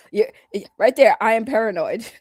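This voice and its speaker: A woman giving casual reaction commentary, animated and blunt, laughing often with slangy talk. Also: a little high, breathy edge, no echo, clean studio sound. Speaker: reaction streamer.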